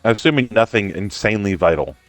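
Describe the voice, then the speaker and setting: Soft music plays behind this fairly low-voiced, fast-talking man. Playing a tabletop game over a voice call, he jokes, swears, and fires off in-character quips with animated energy.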